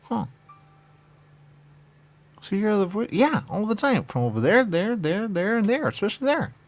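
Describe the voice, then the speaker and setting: A man's voice: sits high, very animated, moderate pace. A man trading absurd, playful comedy banter, with some whispered asides.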